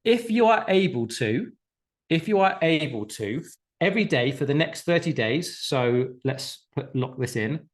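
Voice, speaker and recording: A man's voice: on the high side, expressive, a little slow. A man coaching a group on a live call. He talks emphatically, repeats himself, and swears casually as he pushes his clients.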